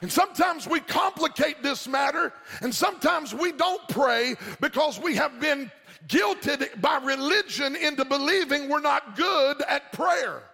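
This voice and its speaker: A male pastor preaching a sermon, shouting in a sing-song cadence and calling out questions to the congregation. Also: very high voice, expressive, unhurried, gravelly. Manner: call-and-response questions to the congregation. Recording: reverberant hall with music behind.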